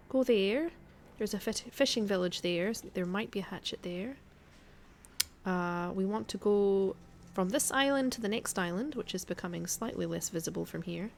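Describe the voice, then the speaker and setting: A guest streamer plays a survival game from home, casually chatting and thinking aloud in a put-on Scottish accent while making fun of herself. Her voice is medium-pitched, gravelly and darkish, with slight background noise.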